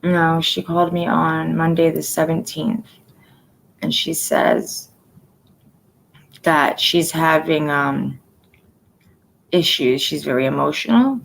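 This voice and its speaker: A woman in her forties giving a personal livestream update, soft-spoken and halting, often dropping to a near-whisper. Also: deep voice, vocal fry, low-quality recording. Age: 40s. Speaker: livestream host.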